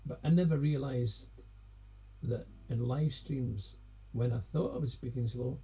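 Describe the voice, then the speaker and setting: A Scottish singer-songwriter chatting casually on a live stream between songs, rambling and self-deprecating. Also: male voice, medium pitch, unhurried, warm tone, slightly rough. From Scotland.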